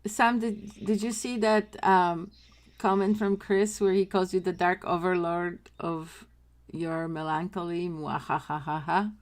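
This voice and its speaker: Co-host, female, Polish accent, unhurried, laughs a lot. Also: on the low side, little pitch movement. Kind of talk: casual panel chat.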